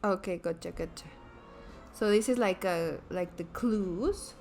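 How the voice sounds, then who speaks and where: A woman streaming a game's first impressions, chatty and excitable, giggling often. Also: on the low side, takes it slowly. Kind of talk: game first-impressions commentary. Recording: commentary over game music.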